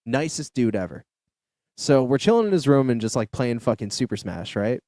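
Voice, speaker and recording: A man's voice: mid-range voice, very animated, normal speed, dark tone, dry recording. Young guy podcast host rambling thru a story, swears a lot, super dry close mic. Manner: loose, profane storytelling with many fillers. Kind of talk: casual storytelling chat. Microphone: studio podcast mic.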